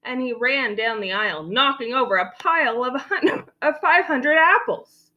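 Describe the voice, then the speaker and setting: Woman storyteller, high bright voice, very animated, playful asides, dull lo-fi recording. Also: moderate pace, a little hiss or hum. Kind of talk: reading a picture book aloud.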